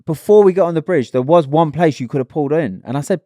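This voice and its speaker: A man co-hosting a podcast, chatting casually and telling a story in a lively, teasing way. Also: fairly high pitch, fast talker, dry recording, studio quality. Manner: lively, teasing storyteller who acts out lines. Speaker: podcast co-host.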